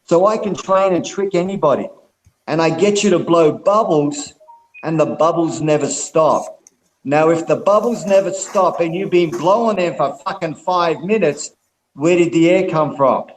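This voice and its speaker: A man's voice: a little high, moderate pace, reverberant, low-quality recording. A man, rambling in a casual group call, laid back, swearing freely and calling everyone mate and brother.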